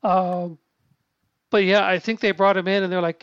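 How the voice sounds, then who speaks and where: A man chatting casually about a film, halting often with restarts, fillers and casual swearing. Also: high-pitched, steady tone, dry recording. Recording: dull lo-fi sound.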